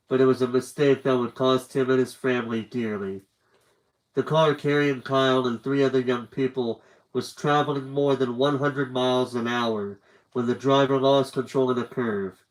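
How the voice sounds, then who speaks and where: A man's voice: medium pitch, fairly even intonation, moderate pace, low-quality recording. Earnest man reading a story aloud. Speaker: reader. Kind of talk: reading a book aloud on a livestream.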